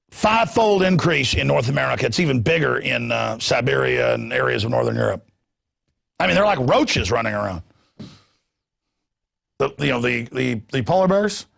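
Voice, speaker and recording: A man's voice: medium pitch, vocal fry, a bit bright, husky. A man hosting a show, delivering heated, sarcastic, rambling political commentary. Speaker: host.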